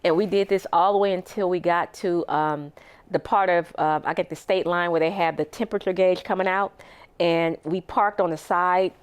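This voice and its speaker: A woman's voice: fairly low pitch, steady tone, moderate pace, clean tone. A middle-aged woman, an interview guest, recounting a personal story in an emotional, vivid way and acting out what others said. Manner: emotional, vivid retelling with acted-out quotes.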